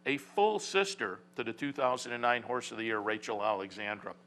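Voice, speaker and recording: A man's voice: medium pitch, brisk, fairly bright tone, slight background noise. A man hosting a horse racing talk show, rambling casually with many fillers and restarts.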